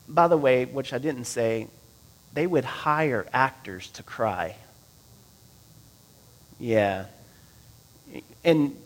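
A man preaching a sermon, reading scripture aloud and explaining it in a conversational way, asking his listeners questions and swinging between loud and quiet. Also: mid-range voice. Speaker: pastor.

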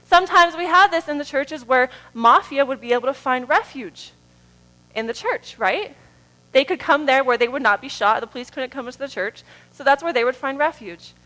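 High-voiced woman preaching with swinging intensity. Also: poor audio. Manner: dynamic preaching, swings from soft drawn-out words to loud rising calls. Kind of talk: sermon.

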